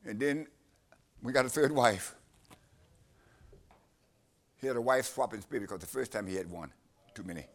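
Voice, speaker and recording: A man's voice: mid-range voice, normal speed, long pauses. A man preaching a sermon, emphatic and repeating his phrases, trading lines with a scripture reader.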